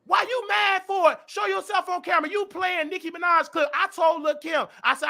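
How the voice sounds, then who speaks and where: Loud gossip host guy, high bright voice, aave, fast trash talk, keeps yelling. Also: fairly even intonation, creaky. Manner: brash, rapid, trash-talking, shouts often.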